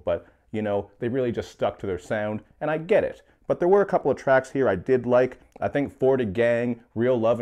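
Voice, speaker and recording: A young man giving a casual rant review of a mixtape, joking and swearing with animated asides. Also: medium pitch. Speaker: music reviewer.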